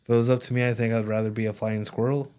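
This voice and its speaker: A man with an ordinary mid-pitched voice talks earnestly on a casual podcast. He sounds sincere and easygoing, with playful asides, recorded in an office at his workplace. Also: little pitch movement, very fast, warm tone, clear, resonant tone. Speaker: podcast co-host and peer recovery coach. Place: office in their workplace building.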